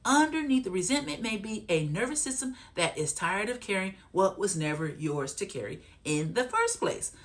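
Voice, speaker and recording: A woman trauma therapist teaching to camera, repeating her points and checking in with listeners. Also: mid-range voice.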